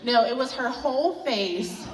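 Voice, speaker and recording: A woman performing a stand-up comedy set at a luncheon, telling animated stories about her family and acting out their voices. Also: a little high, measured pace. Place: event hall at a luncheon. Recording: roomy hall, voice from far off.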